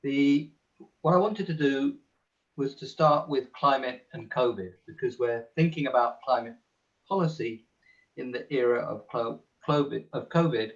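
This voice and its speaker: A man giving a measured, emphatic webinar talk from home over a video call, pausing often with "uh". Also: mid-range voice, muffled recording. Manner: measured, emphatic, frequent "uh" pauses. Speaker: panel speaker. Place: home in the countryside.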